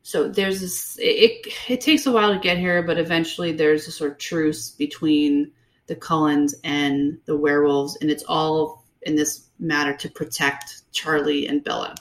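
A woman's voice: sits low, steady tone, normal speed. A woman co-hosting a podcast, recapping a book in casual, sarcastic chat with lots of fillers. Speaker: podcast co-host.

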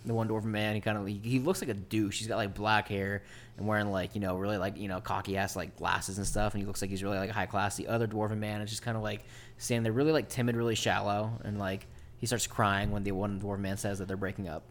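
A man's voice: fairly low pitch, flat delivery, quick pace, a little hiss or hum. Rambling man running a tabletop game. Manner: rambling, filler-heavy. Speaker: dungeon master.

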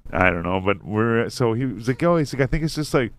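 Casting: man, mid-pitched voice, loose profane storyteller in a casual chat. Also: lively intonation, fairly quick. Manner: rambling, profane, acts out quotes.

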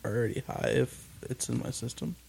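A man talking casually on a podcast, relaxed and slow, joking around. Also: medium pitch, gravelly, breathy edge. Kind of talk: casual chat.

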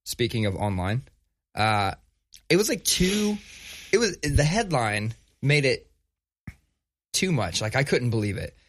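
A man co-hosting a casual podcast, talking in a relaxed, conversational way and telling stories. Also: medium pitch, unhurried, long pauses, husky. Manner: conversational, reads sponsor plug casually. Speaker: podcast co-host. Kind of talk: casual chat.

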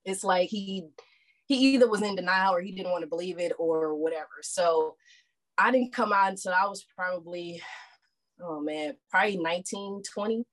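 Guest: woman with a lower voice, easygoing and steady as she tells her story. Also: normal speed. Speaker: podcast guest. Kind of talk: casual storytelling.

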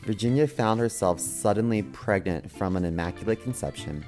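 A man's voice: on the low side, normal speed, a little mellow, faint music behind. A man co-hosting a comedy podcast, laid-back and giggly, reading a silly story in a mock-storybook way. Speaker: podcast co-host.

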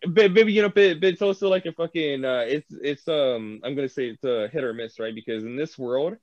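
A man's voice: medium pitch, brisk, a little mellow, no room sound. A young man in casual podcast chat, rambling, swearing often and laughing. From United States. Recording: dull dry lo-fi recording.

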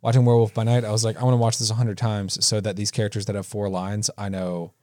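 A man trading playful quips in a casual movie chat, often answering in short bursts. His voice sits a bit low and sounds close and dry. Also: little pitch movement, fast talker, dark tone, dry recording.

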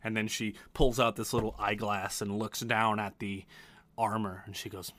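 A man's voice: on the low side, flat delivery, moderate pace, fairly bright tone. A man running a tabletop game as game master, talking casually with swearing and frequent laughs.

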